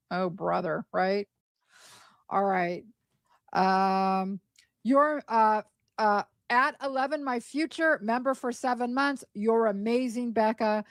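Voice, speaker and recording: A woman's voice: a little high, steady tone, slow pace, no room sound. Woman in her sixties, live streamer, reading chat aloud, chatty, dry close sound. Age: 60s. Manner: chatty, thanking viewers one by one.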